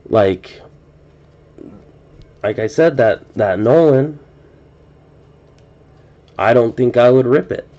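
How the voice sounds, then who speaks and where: Man, live-stream host, casual rambling commentary, warm low-key tone, muffled lo-fi audio. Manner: rambling, musing aloud with restarts. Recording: dull lo-fi stream audio with faint noise.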